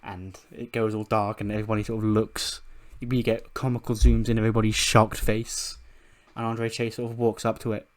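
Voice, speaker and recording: A man's voice: lowish voice, flat delivery, brisk. A man casually narrating a wrestling management game in a loose, rambling way, swearing freely. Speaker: let's play creator.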